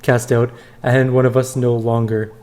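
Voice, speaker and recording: A let's play host talks through the game with wry asides in a mellow, warm voice. His pitch sits at a middle level for a man. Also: flat delivery, normal speed. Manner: reads dialogue aloud, wry asides. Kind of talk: casual game commentary.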